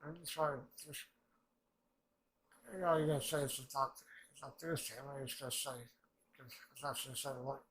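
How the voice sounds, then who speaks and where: A man's voice: medium pitch, moderate pace, pauses often, low-quality recording. A man giving loose, rambling commentary as he reacts to an anime episode, swearing often and jumping between thoughts. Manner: rambling, excitable, swears a lot. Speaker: reaction channel host.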